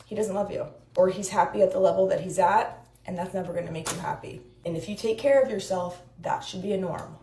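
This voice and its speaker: A woman's voice: mid-range voice, fairly quick, hardly any pauses, darkish tone. Blunt woman lecturing in an echoey room. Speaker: relationship advice creator. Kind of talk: direct-to-camera advice rant.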